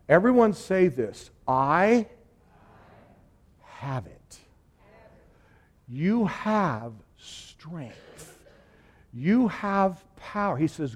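A high-voiced male preacher delivering a sermon with sweeping dynamics. He drops to hushed near-whispers, then climbs into loud, soaring declarations, pausing to have the congregation repeat his lines. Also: lively intonation. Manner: dynamic, swings from hushed to shouted; call-and-response with the congregation.

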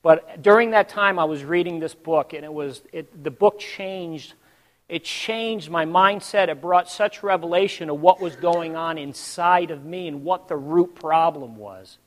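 A man preaching a sermon to his congregation, telling a story dramatically and swinging between hushed and loud, calling out to the listeners. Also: fairly high pitch, a little slow, in a large hall. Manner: addresses the congregation directly.

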